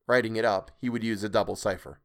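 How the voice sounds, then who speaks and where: A man's voice: on the low side, fairly even intonation, quick pace, fairly bright tone. A man narrating a story for his podcast, breaking off into chatty, self-deprecating asides about his own mistakes. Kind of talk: casual audiobook narration with asides.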